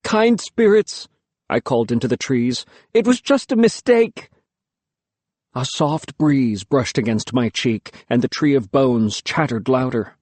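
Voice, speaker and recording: A man reading an audiobook, voicing a desperate, defiant young boy with a shrill, cracking voice. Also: unhurried, hardly any pauses, darkish tone, no echo, natural voice. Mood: desperate pleading.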